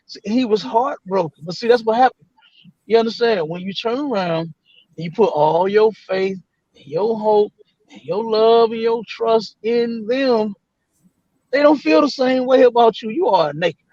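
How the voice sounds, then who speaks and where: A high-voiced man spins a casual story, slipping into other people's voices and cursing as he goes. The sound is dry and close, with a slightly muffled, lo-fi edge. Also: moderate pace, no echo. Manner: animated, quotes others in voices, swears freely. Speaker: guest.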